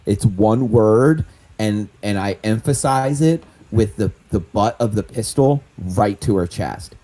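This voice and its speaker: A man's voice: fairly low pitch, a little slow, mellow. A man playing his character in a tabletop role-playing game, talking animatedly, laughing and swearing. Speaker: player.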